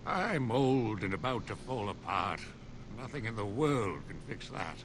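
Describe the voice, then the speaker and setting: An actor playing a forgetful, grumpy old mage who talks hesitantly and turns curt, in video game dialogue. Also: male voice, lowish voice, unhurried. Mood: grumbling. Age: older. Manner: hesitant, then curt and dismissive. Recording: game audio with steady ambient noise.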